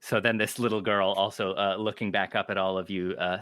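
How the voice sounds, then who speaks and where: Bright-voiced man narrating a tabletop game. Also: low voice, level tone. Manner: halting, many fillers. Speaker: game master.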